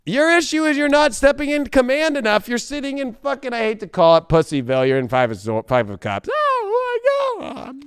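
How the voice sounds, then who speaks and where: High, lively man reading tarot, profane. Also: brisk, few pauses, clean tone, no room sound, clean studio sound. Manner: profane, joking, swings into shouts and silly voices. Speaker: tarot reader. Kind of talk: casual tarot livestream.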